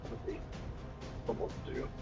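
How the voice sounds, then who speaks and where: A man's voice: moderate pace, mellow. A man running a tabletop game as game master, narrating in a rambling way full of filler words, in a dull lo-fi recording with faint music.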